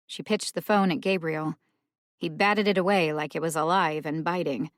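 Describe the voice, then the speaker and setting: A woman reading a thriller audiobook as narrator in a measured, unhurried way. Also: deep voice, steady tone, dry recording, studio quality. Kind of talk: scripted narration.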